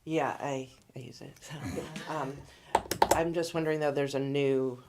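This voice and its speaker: A woman's voice: a bass voice, steady tone, a little slow, very noisy. A woman on a school board asking questions about curriculum and training at a meeting. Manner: inquiring, asks short questions.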